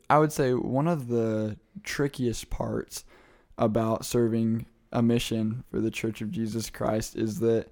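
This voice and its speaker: Slow, mellow-voiced young man reflecting. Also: medium pitch. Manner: slow, thoughtful, searching for words. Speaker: interviewee, former missionary. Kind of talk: reflective interview answer.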